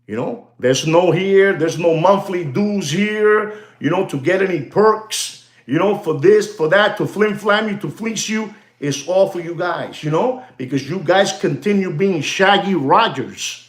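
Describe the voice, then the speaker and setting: A man hosting a channel in a rambling, animated monologue, using streetwise banter and bits of Spanish slang. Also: sits high, measured pace, hardly any pauses, reverberant. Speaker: channel host.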